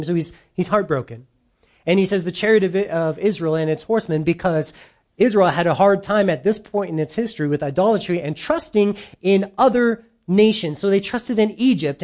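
Middle-aged pastor guy, pretty high voice, chatty earnest sermon, trips over his words a bit. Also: a little mellow. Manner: conversational, earnest, self-interrupting.

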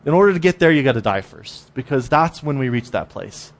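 A man's voice: mid-range voice, lively intonation, brisk. A man giving a casual, conversational sermon, often repeating words and acting out inner voices. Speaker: preacher.

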